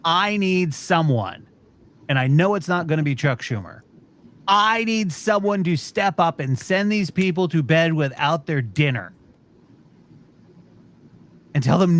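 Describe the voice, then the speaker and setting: A man's voice: on the high side, expressive, unhurried, pauses often, fairly bright tone. A man hosting a podcast, ranting in a profane, exasperated way during casual chat. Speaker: podcast host.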